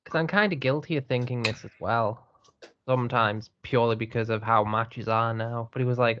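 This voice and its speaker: Man, mid pitch, blunt and wry, casual podcast chat, slightly muffled dull mic. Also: steady tone, moderate pace, a bit bright. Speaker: podcast co-host and reviewer.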